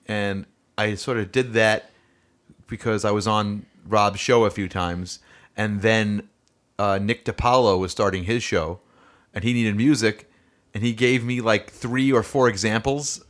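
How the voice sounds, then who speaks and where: A man's voice: lowish voice, fairly bright tone. A man co-hosting a podcast, chatting loosely with lots of fillers and restarts. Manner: rambling, frequent fillers and restarts. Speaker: podcast co-host and musician. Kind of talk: casual podcast chat.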